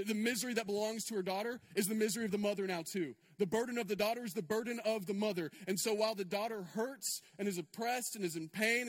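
A man's voice: high-pitched, a bit bright, big-room sound. A male pastor preaching a sermon in a church, conversational and emphatic, with repetitions and asides to the congregation. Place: church sanctuary.

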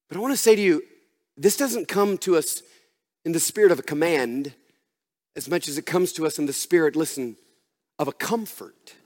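A middle-aged male pastor preaching a conversational, animated sermon with acted asides. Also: on the high side, normal speed, pauses often. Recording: long hall reverb.

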